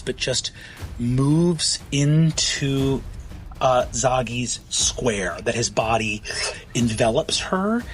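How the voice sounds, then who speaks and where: A man acting as game master, narrating a tabletop game with vivid, animated description. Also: mid-range voice, a little hiss or hum.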